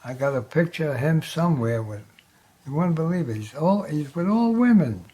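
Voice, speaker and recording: Nonagenarian man, joke-telling guest, mellow warm timbre, wisecracking delivery. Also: a little high, lively intonation, normal speed. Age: 90s. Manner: wisecracking, chuckles at his own punchlines. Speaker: interview guest. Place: local TV studio.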